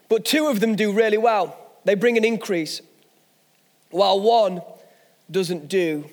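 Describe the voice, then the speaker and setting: A man's voice: extremely high pitch, long reverb tail. A man, a pastor, preaching a sermon, telling stories with self-mocking humor. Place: church hall.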